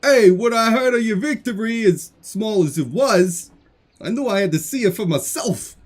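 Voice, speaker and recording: A man's voice: high voice, expressive, moderate pace, pitched above the performer's own voice. A man voicing a boastful male sea titan god in a dramatic game reading, speaking in a haughty, taunting way. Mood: mocking.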